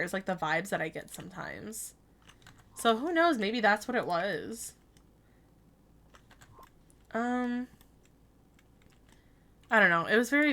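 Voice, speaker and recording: A bright, clear-toned woman in her twenties chats away on a game stream. She tells stories in a loose, rambling way, laughs often and acts out what she said back then. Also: medium pitch. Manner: chatty storytelling, laughing often, quoting herself. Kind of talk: casual chat while streaming a game.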